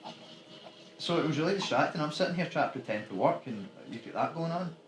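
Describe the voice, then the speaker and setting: Quick and expressive, with a slightly high voice, this Scottish gaming co-host rambles and curses freely during casual banter over a co-op game. Video game music fills the echoey room behind him.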